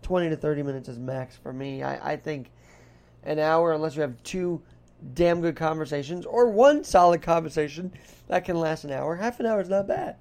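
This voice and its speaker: A podcast host talks alone in a put-on Irish brogue, drifting casually from one topic to the next. His voice sits a little high for a man and has a gravelly edge. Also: normal speed, a little mellow. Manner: rambling, chatty, jumps between topics. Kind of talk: casual solo podcast monologue.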